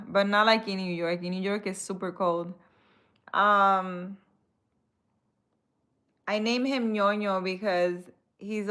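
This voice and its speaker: Woman, spiritual healer on a live stream, unhurried and soft-spoken, hesitant, mid-pitched. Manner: soft-spoken, hesitant, answers chat comments. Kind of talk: casual live-stream chat.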